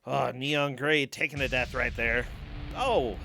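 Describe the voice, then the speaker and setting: A man's voice: medium pitch, steady tone, slow, creaky, pushed and bright, slight background noise. A man co-commentating a game stream, chatty with joking asides.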